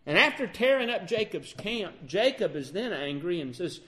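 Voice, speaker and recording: A man with a high voice retells a Bible story in plain, conversational language. He stumbles now and then, fixing himself mid-sentence. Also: big pitch swings, moderate pace, pushed and bright. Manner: conversational, with fillers and self-corrections.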